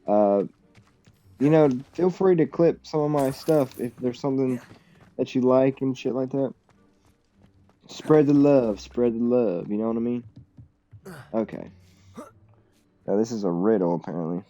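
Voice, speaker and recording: A man's voice: medium pitch, measured pace, long pauses, mellow. A young man streaming a video game live, chatting casually in a loose, profane, rambling way and laughing often. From United States. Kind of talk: casual live-stream chat while gaming.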